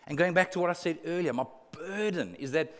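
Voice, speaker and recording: A man's voice: fairly high pitch, a little fast, fairly bright tone, long reverb tail. A male pastor preaching a sermon in an earnest way, repeating words for emphasis and adding humorous asides. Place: church auditorium.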